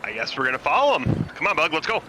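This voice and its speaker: A man's voice: fairly high pitch, sing-song, fast talker, pushed and bright, slight background noise, poor audio. A man playing his character in a tabletop game, easygoing and agreeable. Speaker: player.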